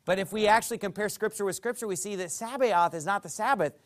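A man's voice: high voice, quick pace. A man preaching a sermon as pastor, emphatic and fond of rhetorical questions.

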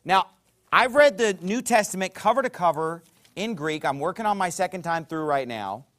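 Male preacher, sermon delivery, emphatic and conversational, very expressive pitch. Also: normal speed. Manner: emphatic, conversational, keeps checking in with the listeners.

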